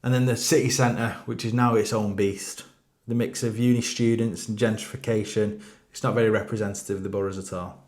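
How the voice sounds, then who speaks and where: A man's voice: fairly low pitch, level tone, a little fast. Wry man. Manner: wry, jokey delivery with sudden quiet asides. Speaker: presenter. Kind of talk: scripted explainer monologue.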